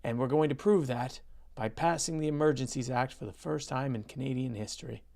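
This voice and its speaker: A whiny, self-righteous politician in a mocking podcast bit, as a man puts him on. The voice sits higher than his usual and has a gravelly rasp under it. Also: brisk, a little mellow, lightly acted. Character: mock prime minister, smug nasal politician man.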